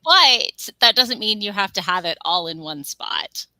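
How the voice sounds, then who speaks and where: Bright-voiced woman chatting on a stream. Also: medium pitch, expressive, unhurried, no echo. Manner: chatty, reads out chat comments. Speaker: stream co-host. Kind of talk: casual chat on a live stream.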